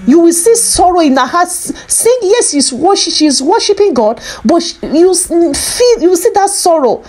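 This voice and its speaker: Emotional high-voiced woman vlogger. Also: big pitch swings, moderate pace, few pauses, darkish tone. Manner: repetitive, earnest, pleading; emotional, sorrowful. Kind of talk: emotional commentary vlog.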